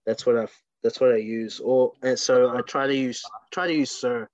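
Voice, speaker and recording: A man's voice: medium pitch, fairly even intonation, moderate pace, darkish tone, no echo. Laid-back guy, slightly muffled. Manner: laid-back, joking, wraps up the show. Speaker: podcast co-host. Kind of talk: casual chat.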